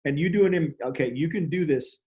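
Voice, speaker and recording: A man's voice: on the high side, fast, dark tone. A man hosting a casual chat, playfully quizzing his guest with trivia questions. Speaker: host.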